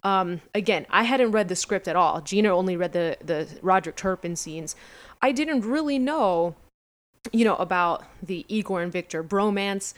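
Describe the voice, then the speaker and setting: A woman's voice: medium pitch, normal speed. A young adult woman co-hosting a casual fan chat, telling a long story in a rambling way with lots of fillers. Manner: rambling storyteller, heavy on fillers like "you know".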